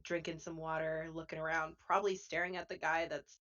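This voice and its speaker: Female game master, low-ish voice, rambling narration, dull lo-fi recording. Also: level tone, brisk, a bit bright. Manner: loose, rambling description with fillers. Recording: dull lo-fi sound.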